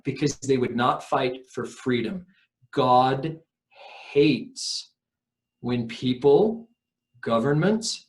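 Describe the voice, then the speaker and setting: A man, a recovery coach guest on a podcast, explaining earnestly and emphatically, acting out quoted lines. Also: on the high side.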